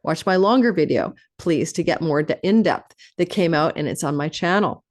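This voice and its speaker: Woman astrologer host, rapid and animated delivery, stacks phrases into lists. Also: deep voice. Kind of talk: fast-talking astrology forecast monologue.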